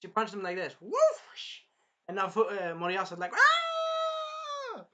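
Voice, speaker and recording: A man excitedly recapping an anime episode on camera, swearing, apologizing and acting out the scenes. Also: high-pitched, fast, very noisy. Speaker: anime reviewer.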